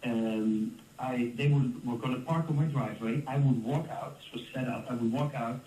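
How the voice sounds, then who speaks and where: Animated Dutch man in a roomy space. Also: medium pitch, normal speed, slight background noise. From Netherlands. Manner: animated, laughs often, restarts words. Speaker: interview guest, former fighter. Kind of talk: casual storytelling interview. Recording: roomy, distant mic with faint ambience.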